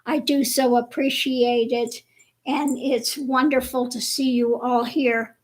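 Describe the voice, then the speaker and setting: A woman hosting a casual livestream chat with viewers, slow and chatty, laughing often, with her voice a bit worn. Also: high voice, little pitch movement, poor audio. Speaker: livestream host.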